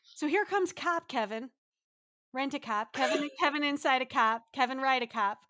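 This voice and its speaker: Brief: young woman, jokey recap cohost, dry intimate mic, a bit high. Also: bright, forceful tone, dry recording. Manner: playful, jokey, quick asides. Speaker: podcast cohost. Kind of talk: casual recap chat.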